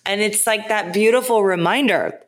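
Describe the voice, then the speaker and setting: A woman hosting a podcast, talking in a casual, animated way, full of "like" and "right?". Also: mid-range voice, normal speed. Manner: animated, chatty, lots of "like" and "right?". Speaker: podcast host. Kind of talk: casual spiritual monologue.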